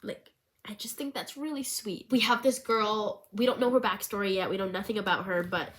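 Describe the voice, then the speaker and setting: A woman chatting casually in a vlog about writing a screenplay for fun. She rambles in a bubbly way, fills her talk with "like", and sometimes drops into a soft, hushed tone. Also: mid-range voice, fairly quick. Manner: bubbly, rambling, full of "like" fillers. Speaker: vlogger and hobby screenwriter.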